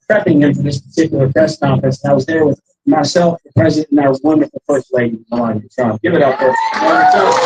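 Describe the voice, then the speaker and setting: Male rally speaker, high-pitched and animated, acts out his anecdotes. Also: noisy background. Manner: animated storyteller who acts out the quoted voices. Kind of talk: political rally speech with anecdotes. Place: restaurant campaign stop.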